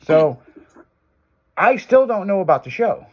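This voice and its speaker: A man's voice: high voice, measured pace. Guy swearing a lot while telling a wild story, acts out the quotes. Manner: profane, animated, acts out quotes. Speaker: guest storyteller. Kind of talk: casual storytelling.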